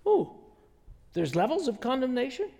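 A man's voice: very high-pitched, wildly swooping pitch, normal speed, vocal fry, mellow. A male pastor preaching a sermon in a conversational, emphatic way, full of rhetorical questions. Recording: long hall reverb.

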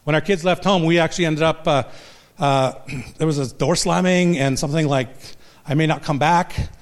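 Joking older man, slightly high voice. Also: normal speed. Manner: self-deprecating, joking storyteller. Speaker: pastor and marriage counselor. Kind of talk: humorous talk to a live audience.

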